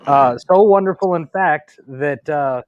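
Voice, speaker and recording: A man with a somewhat higher voice hosts a relaxed conversation, retelling stories quickly and amiably. The audio is dry and close, with a slightly muffled, lo-fi tone. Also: no echo. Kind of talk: casual chat.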